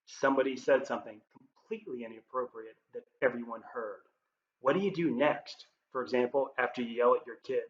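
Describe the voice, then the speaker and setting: A man presenting as a leadership coach, giving scripted tips to camera in a clear, upbeat presenter manner. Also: medium pitch, fairly even intonation, fairly quick. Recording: roomy, slightly dull with faint noise.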